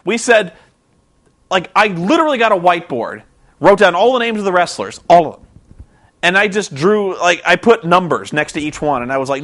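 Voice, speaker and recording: Sarcastic, exasperated male vlogger, high lively voice, rambling. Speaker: vlogger reviewing a wrestling show. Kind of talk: rambling commentary vlog.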